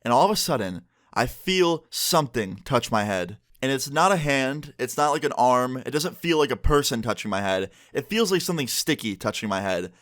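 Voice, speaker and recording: A man's voice: mid-range voice, animated, moderate pace, a bit bright. A young man telling a personal story in a casual storytime vlog, chatty and conversational. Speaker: YouTuber and streamer.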